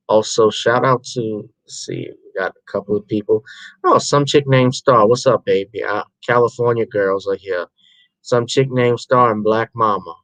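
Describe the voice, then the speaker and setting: A tired man chatting on his live stream in a loose, meandering way, often trailing off and starting over. His voice sits fairly low. It sounds dry and close, with little room around it. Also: dry recording, rough recording. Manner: rambling, loose and informal, trailing off into restarts. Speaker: livestream host. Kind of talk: casual live-stream chat.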